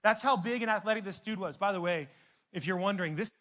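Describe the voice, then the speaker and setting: A man preaching a youth sermon in a casual, animated, conversational way, full of slang and asides. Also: sits high, fast. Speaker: youth pastor.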